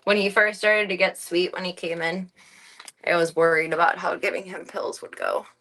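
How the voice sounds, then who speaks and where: Female streamer, casual, gentle coaxing tone; lowish voice, recorded off-mic. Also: little pitch movement, normal speed. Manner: soft, coaxing talk to her pet. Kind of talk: casual chat. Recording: distant mic.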